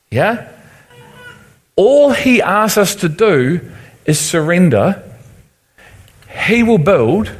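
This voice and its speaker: A man from Liverpool, speaking with a Liverpool accent, preaches in a conversational, teaching way. His voice sits a touch high for a man, and he keeps turning to his listeners for a nod of agreement. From Liverpool, England. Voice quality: conversational, asks the room for agreement. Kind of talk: sermon teaching.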